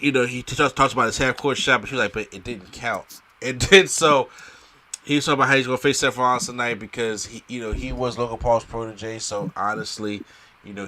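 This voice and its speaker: A man's voice: lowish voice, bright, forceful tone. A man co-hosting a casual wrestling review podcast, recapping the show and laughing often. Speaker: podcast co-host.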